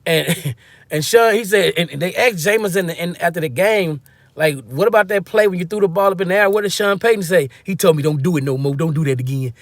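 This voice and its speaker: A man's voice: high-pitched, brisk, dry recording. A man giving a casual, slangy football-fan rant, joking and acting out quotes as he goes. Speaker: sports fan commentator.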